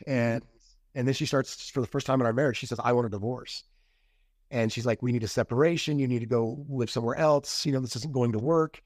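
On a podcast, a middle-aged guest speaks briskly with fairly even intonation at a medium pitch, candidly recounting a personal story in casual talk. He performs the quoted lines as he goes, and the recording is studio quality without room sound.

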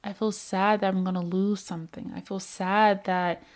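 A woman giving a reflective motivational talk as a self-help speaker, in a calm coaching tone that poses many questions to the listener. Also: medium pitch, normal speed.

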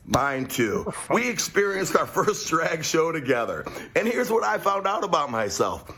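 A man telling a brash, profane story straight to the camera, with a husky voice. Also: fairly high pitch, big pitch swings, unhurried, pushed and bright. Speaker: social media video creator. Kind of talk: monologue to camera.

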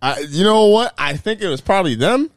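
A man's voice: high voice, a little fast, no room sound, clean studio sound. A young man telling a story in casual chat with friends, profane and laughing as he acts out the people in it. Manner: animated, profane, laughing while acting out quotes.

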